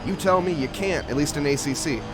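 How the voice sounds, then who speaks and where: A man's voice: fairly high pitch, fairly quick, loud music behind the voice. A man commentating a live sim racing event, joking about himself and laughing often. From English-speaking. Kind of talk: live esports race commentary.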